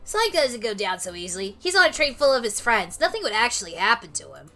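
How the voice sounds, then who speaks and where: A chipper young fox sidekick chats brightly and reassures his friend, as a woman reads his lines in a game. The tone stays bright and lightly raised. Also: a little high, sing-song, quick pace, faint music behind. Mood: reassuring.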